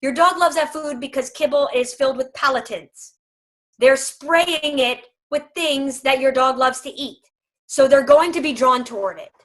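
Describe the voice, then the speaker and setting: A woman's voice: high voice, moderate pace, fairly bright tone. A woman speaking for a dog food company in a casual video chat, emphatic, humorous and persuasive.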